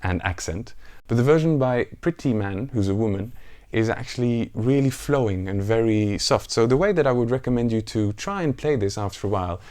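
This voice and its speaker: A man teaching a ukulele song, counting beats aloud and explaining the plucking pattern in a relaxed, casual way. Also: mid-range voice, fairly quick, few pauses. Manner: counts beats aloud and sings lines softly. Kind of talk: music tutorial with counting and singing. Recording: ukulele music under the voice. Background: ukulele playing.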